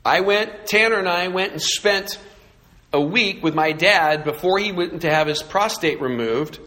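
Telling a story from the pulpit, this middle-aged California pastor is flippant, sarcastic and quick to mock himself. His voice sits high with a sharp tone and a measured pace, and the sanctuary gives it an echoey reverb.

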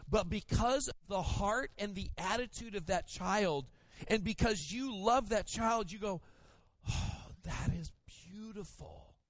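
A male pastor preaching a sermon, storytelling in an animated way with playful mimicry. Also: sits high, no room sound.

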